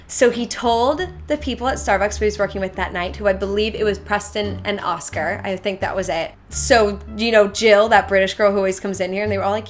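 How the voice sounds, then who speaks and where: A woman's voice: mid-range voice, fairly even intonation, fast talker, hardly any pauses, soft background music. A young woman vlogger telling a casual storytime to her viewers, chatty and full of "like", animating the retelling. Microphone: seated to camera.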